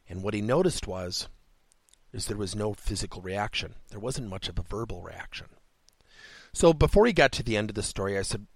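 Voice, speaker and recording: Lively-voiced man hosting a coaching podcast. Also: lowish voice, no room sound. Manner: storytelling, acts out both sides of a dialogue. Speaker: podcast host and business coach. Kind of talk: solo podcast monologue.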